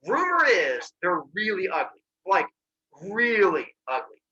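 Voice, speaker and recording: A man's voice: sits high, huge pitch swings, unhurried, bright, forceful tone, breathy edge, highs cut off, voice pushed up, exaggerated voice. A man voicing a knowing male titan who gives advice in a chatty, matter-of-fact way.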